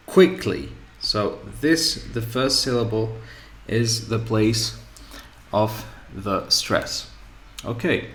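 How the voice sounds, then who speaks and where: Slow, deliberate male English teacher. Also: mid-range voice. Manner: slow, repeats example words several times for emphasis. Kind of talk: grammar lesson. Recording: echoey room.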